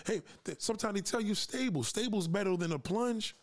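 A man hosting a live podcast, with a slightly high voice, ranting at his audience in a blunt, profane, lecturing way. He is confrontational and keeps daring the men listening to prove him wrong. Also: lively intonation, brisk. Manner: asks listeners to push back. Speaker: podcast host. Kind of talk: livestream podcast rant.

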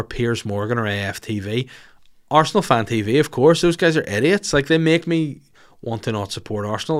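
A man's voice: fairly low pitch, fairly bright tone. A man hosting a casual podcast, answering listener questions in a blunt, jokey, profane way. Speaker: podcast host.

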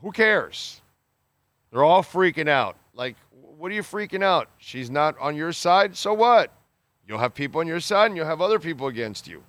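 Very animated, a man with a fairly high, fairly bright voice hosts a casual call-in radio show at normal speed. He reads listener messages aloud, gives blunt, opinionated takes, swears casually and calls people bro, all in a dry recording.

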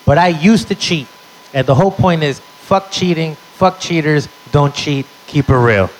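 At a live venue with an audience, a young man does stand-up, delivering punchy stories that are brash and profane. He talks at a normal speed in a slightly high voice, and the rough recording has a little hiss or hum.

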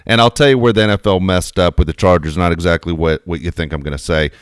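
A middle-aged man with a very low voice who talks quickly, recorded dry and close. He hosts a sports radio show in an easygoing way, laughing often and steering the segment into ad reads. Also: clear, resonant tone, no echo. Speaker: radio host. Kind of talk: casual sports radio talk with live ad reads.

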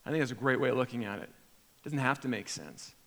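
Delivering a sermon at a quick pace, a pastor's mid-pitched voice echoes with long reverb, like a big hall. He stays animated, playing out imagined prayers with sudden leaps in pitch and loudness, then sinking back low and quiet.

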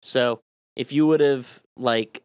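A man's voice: medium pitch, slow, clean tone, dry recording, studio quality. A man with a Southern US accent chatting casually on a podcast, telling stories with quoted voices and plenty of swearing. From American South. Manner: profane, animated storytelling with quoted voices.

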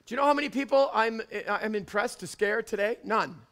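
A man from Canada with a Canadian accent, preaching a fiery sermon in church and often shouting. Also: high voice, brisk. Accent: Canadian English. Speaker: pastor. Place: church before a congregation.

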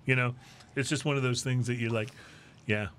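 A man's voice: medium pitch, fairly even intonation, brisk, fairly bright tone, clean tone. Chatty man hosting a podcast. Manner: chatty, laughs often, many fillers. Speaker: podcast host. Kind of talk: casual chat.

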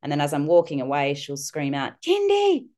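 Low-voiced woman telling stories. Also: fairly quick. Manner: animated, acts out quotes in high voices. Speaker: guest, parenting instructor. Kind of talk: casual storytelling interview.

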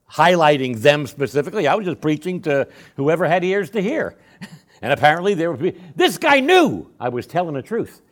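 Older man, folksy church storyteller, lively pitch, lots of restarts. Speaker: Sunday school speaker. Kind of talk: storytelling testimony in a church class.

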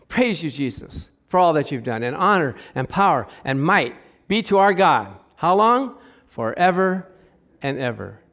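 A middle-aged pastor preaches with lively, animated energy. His voice sits high for a man and climbs louder through scripture readings. He drops into easy joking asides between verses. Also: measured pace, hardly any pauses. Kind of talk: sermon.

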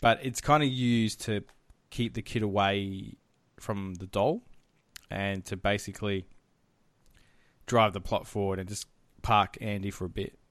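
A man's voice: lowish voice, fairly even intonation, measured pace, a bit bright, no echo. A man hosting a podcast, laid-back and laughing easily as he retells a film plot. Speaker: podcast host.

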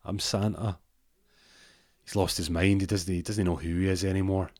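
A man's voice: deep voice, little pitch movement, fast, darkish tone, dry recording, studio quality. A man telling an improvised comic story in a rambling way, often stumbling over repeated words.

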